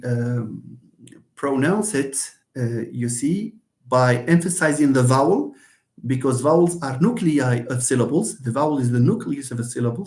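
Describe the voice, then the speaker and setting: A man's voice: mid-range voice, darkish tone. A man gives a live linguistics lecture, his speech full of fillers and restarts. His voice sits in the middle range, and he draws out example words to show their sounds. The recording rings with room echo. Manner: hesitant, many fillers and repeated words; explains slowly, stretching example words. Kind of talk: live online lecture answering comments. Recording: roomy echo.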